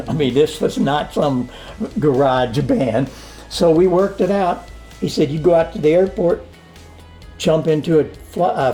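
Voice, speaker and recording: An older man telling stories in a casual interview, acting out the dialogue as he goes. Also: a little high. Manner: animated storyteller, acts out quoted dialogue. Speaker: interviewee, sound engineer. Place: home studio.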